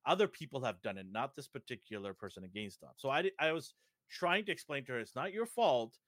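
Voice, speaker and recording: A man's voice: mid-range voice, fast, no echo, clean studio sound. A middle-aged man from Fiji co-hosting a podcast, chatting casually and acting out the people in his stories. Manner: animated storyteller, acts out dialogue. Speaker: podcast co-host. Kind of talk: casual chat.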